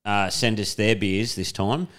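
A young Australian man co-hosting a relaxed podcast. He has a lowish, smooth, clear voice. He sounds easygoing and encouraging and laughs often between his lines. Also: measured pace. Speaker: podcast co-host. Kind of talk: casual chat.

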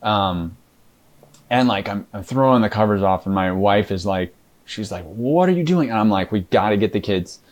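A man being interviewed, recounting his experience haltingly with many fillers and restarts and acting out past conversations. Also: lowish voice, steady tone. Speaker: interview guest. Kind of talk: casual storytelling interview.

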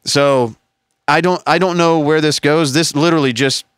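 Smooth-voiced man ranting on a podcast. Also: a little high, fairly even intonation, moderate pace, fairly bright tone, dry recording, studio quality. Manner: heated, profane, sarcastic quoting voices. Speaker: podcast co-host. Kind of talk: casual podcast rant.

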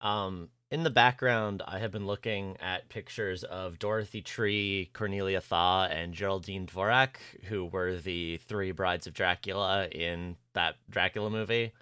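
Podcast co-host, man, low pitch, dry close sound, muses with ums. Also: fairly even intonation, unhurried, hardly any pauses, sharp tone, clear, resonant tone, no echo. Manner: thoughtful, hesitant with ums. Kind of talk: casual recap chat with film trivia.

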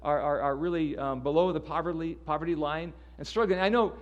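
A man's voice: on the high side, brisk, dull audio. A man preaching a sermon in a casual, conversational way, often repeating words as he restarts. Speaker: pastor.

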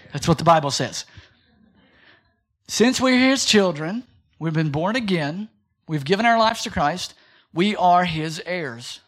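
A man preaching a sermon in a church, reading scripture and joking with his congregation. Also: sits high. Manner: humorous, animated preaching. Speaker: pastor.

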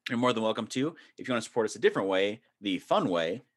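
A man's voice: fairly low pitch, big pitch swings, fast talker. A man hosting a podcast, chatting casually with frequent laughs and fillers. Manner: laughs often, rambling with fillers. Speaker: podcast host.

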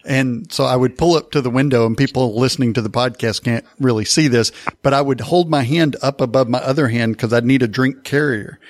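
A man's voice: medium pitch, a little fast, few pauses, no room sound. A man hosting a podcast interview. He chats casually and tells anecdotes. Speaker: podcast host.

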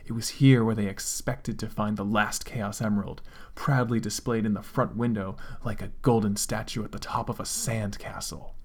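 A man dramatically reading fan fiction aloud, with deadpan asides. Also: fairly low pitch, normal speed. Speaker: comedic fanfic reader.

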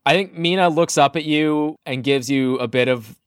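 A man's voice: on the high side, moderate pace, clean tone, no room sound, studio quality. A man running a tabletop game as game master, describing scenes playfully and often laughing.

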